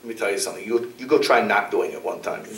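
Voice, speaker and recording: Animated rabbi lecturing in a roomy hall. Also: male voice, fast talker, gravelly, noisy background. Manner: animated, acts out dialogue with shifting pitch. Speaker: rabbi giving a talk. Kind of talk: lively storytelling lecture. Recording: roomy, distant mic in a hall.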